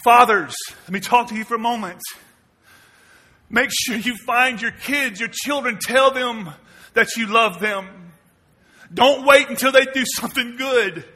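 A man, preaching a sermon to his church, moving between quiet low asides and loud emphatic questions. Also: unhurried. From Mississippi, US. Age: 40s. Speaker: pastor. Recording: long reverb of a large hall.

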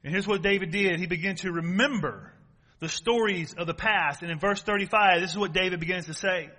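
A man's voice: sits high, a little fast, pushed and bright. A man preaching a sermon, emphatic and repetitive, calling out to his congregation. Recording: reverberant hall.

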